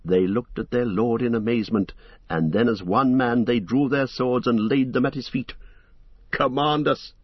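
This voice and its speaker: Husky male audiobook narrator. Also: mid-range voice, dry recording, lo-fi sound. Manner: steady, measured storytelling.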